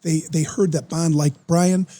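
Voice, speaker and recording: A man, telling a story as a podcast guest in an excitable, animated way. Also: on the high side, unhurried. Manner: animated, excitable storyteller who acts out quoted voices. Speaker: podcast guest, former football player. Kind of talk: casual storytelling.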